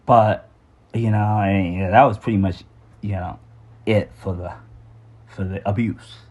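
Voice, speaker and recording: Husky man telling a personal story. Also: lowish voice, fairly even intonation, measured pace, darkish tone, dull audio. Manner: candid, swears, many restarts and fillers.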